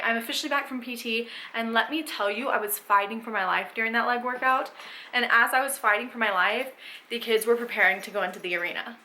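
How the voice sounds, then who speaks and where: A young woman with a lilt talks in a slightly high voice. She gushes and exclaims dramatically, chatting to her viewers like a friend. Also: a little hiss or hum. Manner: gushing, dramatic, breathless with excitement. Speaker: book vlogger. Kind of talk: excitable reading vlog chat.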